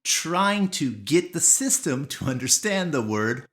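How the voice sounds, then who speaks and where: Online English teacher, careful and clear, unhurried delivery. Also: medium pitch, sing-song. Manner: careful, clear explaining with examples. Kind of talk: explanatory online lesson.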